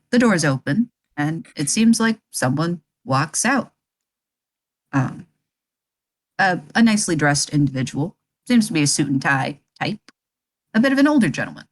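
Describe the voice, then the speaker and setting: Slow, giggly woman running a tabletop game. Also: fairly low pitch, sing-song. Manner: giggly, chatty, laughs often. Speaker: game master.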